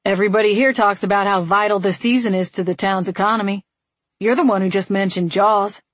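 A woman voicing a stiff, skeptical new male sheriff who speaks in a measured, matter-of-fact way. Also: medium pitch, steady tone, no room sound, lightly acted.

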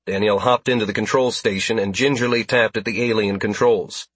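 Brief: a husky man reading action fiction aloud, steady delivery, dry close sound. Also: fairly low pitch, a little fast, hardly any pauses, no room sound. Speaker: audiobook narrator. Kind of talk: scripted narration.

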